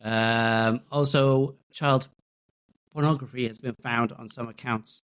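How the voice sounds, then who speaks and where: A man in his thirties talks casually as a podcast co-host, pausing often on fillers as he gathers his words. His voice sits at a mid pitch. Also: steady tone, fairly bright tone, clean tone. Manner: hesitant, full of "uh" fillers. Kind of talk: casual chat.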